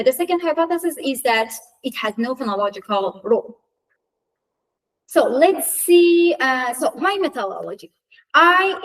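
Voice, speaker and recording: A woman's voice: sits high, a bit bright. A woman giving an academic conference talk, hesitant, with many fillers and restarts. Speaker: student conference presenter. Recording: voice from far off the mic.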